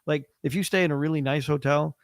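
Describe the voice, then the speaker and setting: Rambling gravelly man chatting. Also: a little high, steady tone, quick pace, no echo. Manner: rambling, lots of restarts and fillers. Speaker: podcast co-host. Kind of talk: casual chat.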